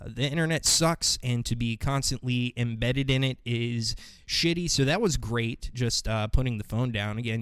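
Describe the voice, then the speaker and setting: A man's voice: mid-range voice, a bit bright, clear, resonant tone, no echo. An American man hosting his own show in a loose, profane, casual monologue full of fillers. He sounds like a young adult. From United States. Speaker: podcast host.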